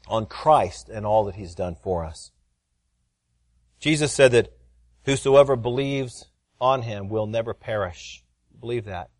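Fervent middle-aged male preacher, dry sound. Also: dry recording. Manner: repeats words often, builds to loud fervent pitch when storytelling. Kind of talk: sermon.

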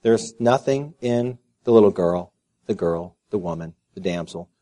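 Male pastor, middle-aged, from Texas; animated storyteller at the pulpit, lots of restarts. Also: low-pitched, unhurried. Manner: animated storyteller, repeats words while speaking. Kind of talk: sermon with personal story.

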